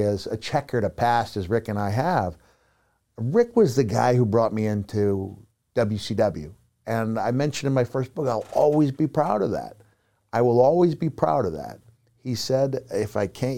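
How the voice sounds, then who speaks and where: Middle-aged man, low mellow tone, relaxed self-deprecating raconteur. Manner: rambling, self-deprecating, frequent "you know" fillers. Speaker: podcast guest, retired wrestler. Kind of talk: casual storytelling chat.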